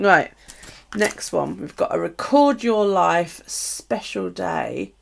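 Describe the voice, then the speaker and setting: Middle-aged british woman on a craft live stream, heavy vocal fry, chatty and gushing. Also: on the low side, animated, takes it slowly. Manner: chatty, gushing over craft supplies, talks to viewers. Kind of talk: casual chat while unboxing.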